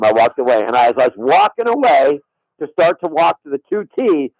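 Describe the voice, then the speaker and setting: A man's voice: on the high side, very animated, a little fast, a little mellow, no echo, poor audio. A middle-aged man, a former caddie, telling a long story on radio and swearing on his daughter's life. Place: radio studio.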